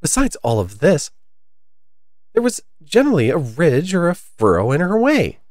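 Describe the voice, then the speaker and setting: Man, storybook reading, very animated pitch, dry close sound. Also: moderate pace, no echo. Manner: expressive, lively reading.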